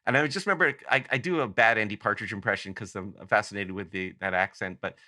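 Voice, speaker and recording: Canadian guy, lowish voice but bright and punchy, rambles thru a story on a podcast, keeps correcting himself, dry sound. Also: fast talker, no room sound. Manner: rambling, self-correcting anecdotes. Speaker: guest author.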